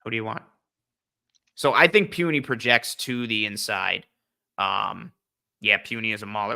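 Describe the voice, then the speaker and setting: Bright-voiced man in casual football talk. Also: fairly low pitch, steady tone, moderate pace, creaky, pauses often. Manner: rambling, lots of fillers and restarts, hums to himself while thinking. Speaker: podcast host. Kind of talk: casual draft-analysis chat.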